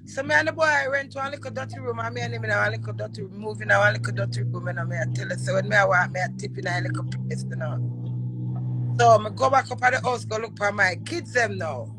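Heard fast and over music on a rough recording, a middle-aged woman with a Jamaican accent and medium pitch chats casually. She tells stories animatedly, repeating words along the way.

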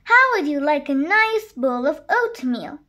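A woman reading a children's story and voicing a fussy, kindly hen baby-sitter who scolds gently. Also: high voice, sing-song, a little slow, full character voice.

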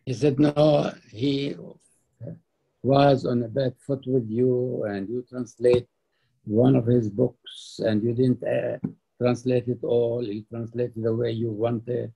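Older storyteller type, a man with a husky, mellow voice who acts out dialogue in his anecdotes. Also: mid-range voice, level tone, slow. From Palestine. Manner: anecdotal, laughs while telling, acts out quoted dialogue. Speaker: interviewee. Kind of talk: storytelling in an interview.

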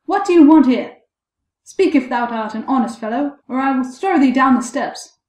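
A woman voicing a fearless, simple-minded young man who speaks loudly and earnestly. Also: on the high side, lively intonation, normal speed, natural voice. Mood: challenging. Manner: loud, earnest, blunt. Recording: echoey room.

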